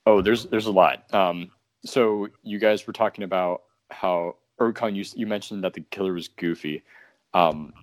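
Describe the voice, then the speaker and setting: Casting: young man, low voice, easy amused delivery with filler. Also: moderate pace, no room sound. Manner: amused, filler "um", quoting lines. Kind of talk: casual movie discussion.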